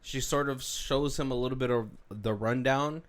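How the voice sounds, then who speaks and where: A man's voice: medium pitch, moderate pace. A man co-hosting a movie commentary podcast, recapping scenes in casual chat and laughing often. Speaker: podcast co-host.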